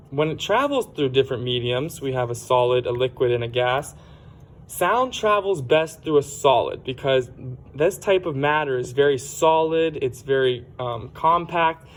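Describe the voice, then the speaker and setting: A man teaching a science lesson for children in a plain, explanatory way, sometimes correcting himself. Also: mid-range voice.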